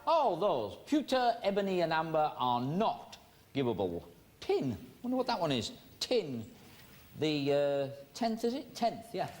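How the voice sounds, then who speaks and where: A man's voice: fairly high pitch, big pitch swings, measured pace, slight background noise. An older English man hosting a game show, chatty and jokey, explaining the rules and then urging a contestant on against the clock. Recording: TV studio with music and audience.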